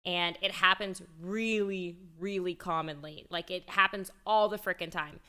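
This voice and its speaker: Young female streamer, bright and chatty, swears freely; casual live-stream talk. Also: on the low side, fairly even intonation, moderate pace, hardly any pauses, clean tone. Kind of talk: casual chat.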